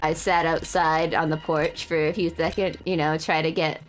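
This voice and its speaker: A woman's voice: deep voice, level tone, normal speed, faint music behind. Rambling woman streamer chatting casually. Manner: rambling, self-correcting, laughs often. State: feeling unwell. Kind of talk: casual chat on a live stream.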